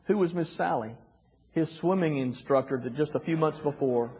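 A middle-aged man with a husky voice, telling a heartfelt personal story as a guest speaker, his voice dropping soft at emotional moments. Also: normal speed. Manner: emotional, voice dropping soft and rising high in quoted lines. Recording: long hall reverb.

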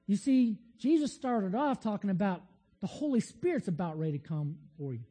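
A man's voice: high-pitched, very animated, moderate pace, dark tone, big-room sound. A man preaching a sermon in a conversational, storytelling way with frequent restarts.

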